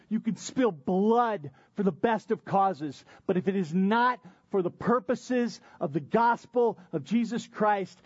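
A man's voice: high-pitched, breathy edge, no room sound, highs cut off. A man preaching a sermon, with emphatic repetition and rhetorical questions. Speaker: pastor.

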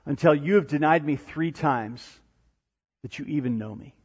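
A husky-voiced man preaching from a pulpit, his voice pitched a little high and pushing hard on the big moments before falling quiet. The sound is dull and lo-fi, with a long reverb trailing through a large church hall. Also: normal speed. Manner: animated preaching, rising to near-shouts then dropping low and soft. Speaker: pastor. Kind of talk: sermon.

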